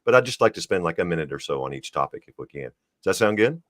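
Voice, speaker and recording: A man hosting a livestream interview, asking questions in a relaxed, easygoing way. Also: sits low, fast talker, no echo, clean studio sound. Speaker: host. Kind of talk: casual interview chat.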